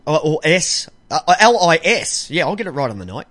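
Tipsy rambling host, lively pitch. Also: male voice, normal speed, hardly any pauses. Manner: rambling, stumbles over words, laughs often. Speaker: podcast host. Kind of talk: casual tipsy chat.

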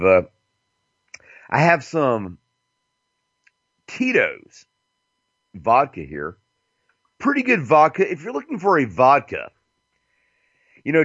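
A man's voice: medium pitch, a bit bright, no room sound, muffled recording. A man hosting a casual internet radio show, rambling and profane, with frequent fillers and chuckles.

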